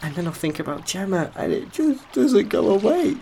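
An actor playing a young man who has been drugged, frightened and grieving a lost love, his voice swinging high and low and breaking into sobs. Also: very animated, moderate pace, gravelly, warm tone, slight background noise, heavily acted, rough recording. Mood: despairing. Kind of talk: audio drama acting.

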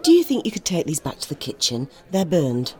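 A woman's voice: deep voice, wildly swooping pitch, a little fast, dark tone. An actress playing a weary, wry mother of the bride in a TV drama.

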